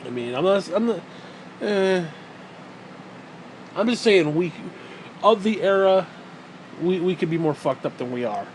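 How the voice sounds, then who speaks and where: A man's voice: high-pitched, animated, a little slow, pauses often, a little hiss or hum, low-quality recording. Profane, sarcastic man ranting. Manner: profane, sarcastic, rambling rant. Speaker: vlogger. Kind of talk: rambling monologue.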